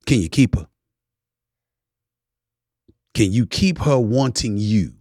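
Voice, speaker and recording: A middle-aged man hosting an animated talk-show monologue, emphatic and preachy, swinging from loud declarations to hushed asides. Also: lowish voice, slow pace, no room sound, studio quality. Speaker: sports talk host.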